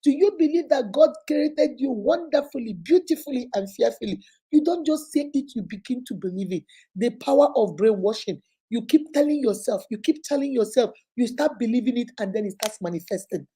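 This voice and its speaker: Husky, preachy woman giving relationship advice. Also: on the high side, lively intonation, fairly quick, dark tone. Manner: preachy and emphatic, addresses listeners as sister and baby. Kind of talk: motivational faith-based advice talk.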